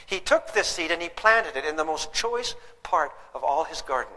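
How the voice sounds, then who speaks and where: A man's voice: fairly high pitch, expressive, moderate pace, bright, forceful tone. Older man lecturing in a reverberant hall. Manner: asks the audience rhetorical questions; storytelling, emphatic. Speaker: parenting lecturer. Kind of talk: live lecture to an audience.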